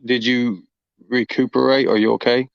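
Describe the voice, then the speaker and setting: A man's voice: medium pitch, little pitch movement, moderate pace, vocal fry, smooth, dry recording. A middle-aged man, hosting a livestream in a rambling, folksy, exclaiming way. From Kentucky. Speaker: livestream host. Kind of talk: casual livestream talk. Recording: muffled dull audio.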